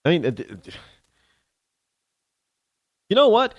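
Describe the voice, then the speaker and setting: A man's voice: high-pitched, wildly swooping pitch, takes it slowly, no room sound. A man from the United States hosting a talk show, ranting sarcastically in an opinionated monologue.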